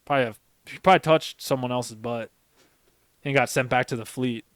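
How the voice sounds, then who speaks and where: This podcast host, a young man who served as a Marine sergeant, chats casually, spinning rambling stories with heavy profanity and plenty of emphasis. His voice is mid-range and fairly bright, his pace a little quick, with no echo in the sound.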